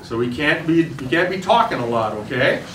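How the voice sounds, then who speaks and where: A man's voice: mid-range voice, expressive, moderate pace, fairly bright tone, a little hiss or hum. Folksy man teaching turkey calls. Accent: Upper Midwest American. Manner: plain, folksy, explains step by step. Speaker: turkey hunting instructor. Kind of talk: outdoor demonstration talk to hunters. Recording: roomy sound, voice from a distance, faint ambience.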